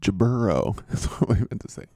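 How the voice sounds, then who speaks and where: Male host, low dark gravelly voice, jokey and rambling, dry sound. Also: very animated, normal speed, dry recording. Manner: joking, rambling, teasing. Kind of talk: casual chat.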